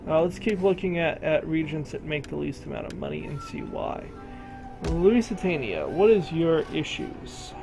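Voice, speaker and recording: A man's voice: fairly high pitch, big pitch swings, moderate pace, creaky, over music, low-quality recording. A man casually commentating a strategy game, thinking aloud and talking to the game's regions as if they were people. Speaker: gameplay commentator.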